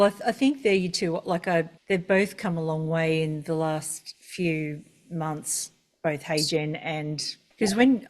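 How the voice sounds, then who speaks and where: Woman host, low voice, rambling chat over a video call. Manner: chatty, rambling, many fillers. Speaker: webinar host.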